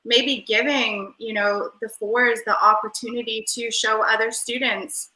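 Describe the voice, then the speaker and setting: A woman's voice: fairly high pitch, fairly even intonation, a little slow, sharp tone. A woman guest in a casual interview, talking in an airy, Valley-girl-like way that rambles with lots of fillers, over a video call. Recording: roomy echo.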